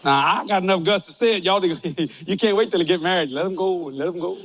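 An older man preaching with a high-pitched voice, mixing jokes and folksy stories into his sermon. Faint noise sits behind him. His delivery stays loose and conversational. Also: a little fast. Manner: folksy, joking, storytelling. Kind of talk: humorous sermon.

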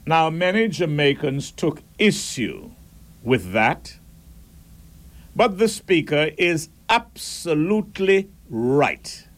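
A man hosting a radio talk show, reading listener messages and giving firm, measured opinions. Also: fairly high pitch, very animated. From Caribbean.

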